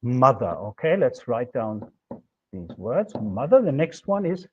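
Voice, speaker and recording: A man's voice: mid-range voice, big pitch swings, measured pace, slightly rough. Man lecturing, muffled recording. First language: German. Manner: methodical, explaining with worked examples. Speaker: linguistics lecturer. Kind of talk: university lecture.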